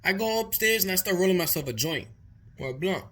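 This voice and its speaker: A man's voice: high-pitched, animated, brisk, sharp tone. A young man vlogger telling a long story in a casual, rambling way, full of swearing and repeated words. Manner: rambling, profane, repeats himself.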